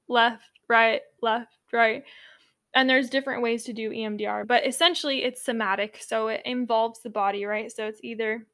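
A young adult woman talks alone on her podcast in a loose, candid monologue, her voice sitting slightly high. She fills her sentences with "like", swears without fuss and catches and fixes her own slips on the fly. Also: fairly bright tone. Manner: chatty, heavy use of "like", candid and swears casually; self-correcting, laughs at own slips. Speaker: podcast host.

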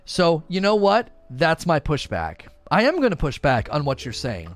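A man's voice: fairly high pitch, wildly swooping pitch, moderate pace, no room sound, faint music behind. A man in his thirties casually hosting a live stream Q and A, reading viewer messages aloud and joking about himself. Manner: chatty, self-deprecating, reads chat aloud.

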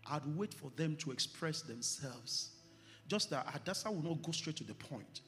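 Pastor preaching in a reverberant hall. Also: male voice, fairly high pitch, a bit bright. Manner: preaching with rising emphasis and slow stressed phrases. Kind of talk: sermon. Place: church hall. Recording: church hall reverb with music behind.

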